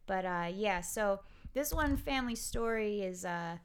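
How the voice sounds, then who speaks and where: A woman's voice: medium pitch, lively intonation, measured pace, smooth. A woman hosting a podcast, telling a family story in a rambling, casual way full of fillers and asides. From Pennsylvania. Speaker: podcast host.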